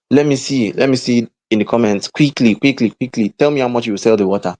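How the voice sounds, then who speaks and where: A man leads a live online coaching session, mid-pitched and emphatic. He repeats key phrases for weight and calls out to viewers in the chat. His delivery is that of a motivational mentor. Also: fast, hardly any pauses, darkish tone. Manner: emphatic, repetitive, addresses the chat.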